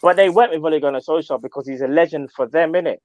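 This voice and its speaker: A man co-hosting a live football fan chat, excitable and full of slang banter. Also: on the high side, fast talker, dry recording. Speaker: fan channel co-host.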